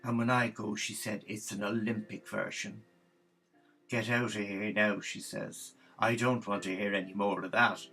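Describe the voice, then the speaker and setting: A man's voice: lowish voice, little pitch movement, moderate pace, bright, forceful tone, faint music behind. A man doing a gossipy Irish housekeeper nun. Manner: chatty, breathless gossip with gasps and exclamations. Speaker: comic storyteller. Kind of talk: comic monologue in character.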